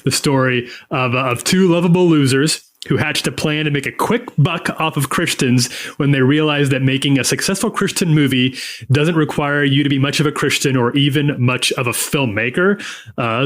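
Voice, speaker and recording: A man's voice: medium pitch, fairly bright tone. A man, a senior editor, talking through culture news in a conversational way. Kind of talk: casual news chat.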